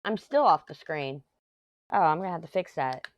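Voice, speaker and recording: Mom rambling family stories over a craft project at home, low voice, dry close sound. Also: female voice, lively intonation, normal speed, no room sound, highs cut off. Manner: rambling family storytelling, chatty asides. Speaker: craft vlogger. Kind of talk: casual chat while crafting.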